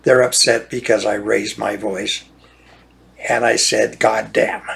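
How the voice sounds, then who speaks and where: A man's voice: lowish voice, little pitch movement, a little slow, gravelly, fairly bright tone. An older man, a retired lawyer, talking in an indignant, repetitive monologue, often restarting his phrases. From United States. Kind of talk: monologue rant.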